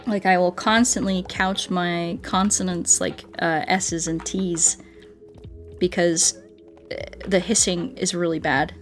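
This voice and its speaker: A woman's voice: fairly low pitch, steady tone, slow. A woman streamer and ASMR artist chatting casually with her viewers, playful and self-joking, with faint game music behind her. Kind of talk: casual livestream chat with viewers.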